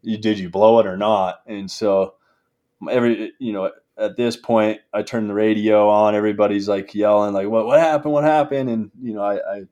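A young man telling a hunting story in casual talk, animated and laughing as he goes. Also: fairly low pitch, normal speed, dull audio. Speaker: guest, game call maker.

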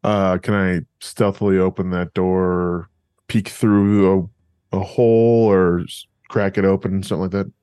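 A man at a tabletop game asks hesitant questions about what his character can do. His voice is low and the recording is dry and close. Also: flat delivery, measured pace, mellow, smooth, no room sound. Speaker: player.

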